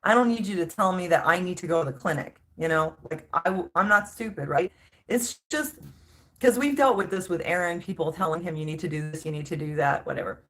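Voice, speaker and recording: A woman's voice: on the low side, fairly quick, fairly bright tone. A woman vlogger telling a story in a casual, emphatic rant, exasperated and full of restarts.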